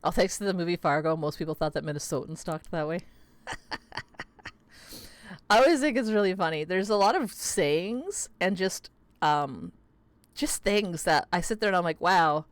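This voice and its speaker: A woman's voice: on the low side, expressive, normal speed, long pauses, no room sound. A woman streaming a game, chatting casually and rambling with lots of fillers and laughter. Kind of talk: casual gaming livestream chat. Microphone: close desk mic.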